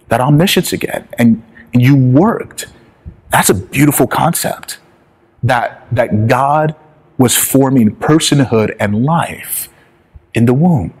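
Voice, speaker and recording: Guy giving a sermon, kinda husky, leans hard on key words and slows way down. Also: medium pitch. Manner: emphatic, slows down for key phrases. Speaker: pastor.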